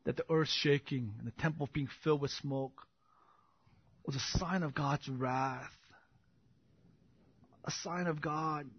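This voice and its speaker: A man preaching a sermon, swinging from hushed, slow passages to booming, impassioned declarations. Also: breathy edge, no echo, lo-fi sound.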